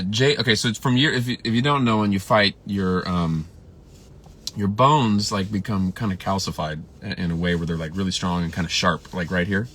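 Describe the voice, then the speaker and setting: Low in pitch with a slightly bright edge, this man tells livestream stories about a colleague who has died. He's a filmmaker, and his delivery wanders, full of restarts and filler words, sometimes turning emotional.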